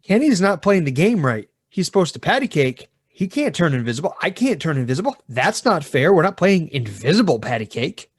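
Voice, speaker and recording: A man's voice: on the high side, sing-song, brisk, few pauses, slightly rough, dry recording. Man playing a bratty angry preschool boy. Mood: indignant. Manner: whiny, petulant, indignant. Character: bratty angry four-year-old superpowered boy.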